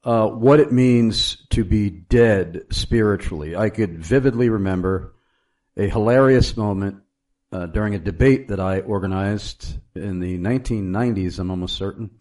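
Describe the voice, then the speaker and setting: A man's voice: fairly low pitch, moderate pace, a little mellow. A man hosting a theological discussion, telling an anecdote with frequent hesitations. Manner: storytelling, frequent uh fillers. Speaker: host.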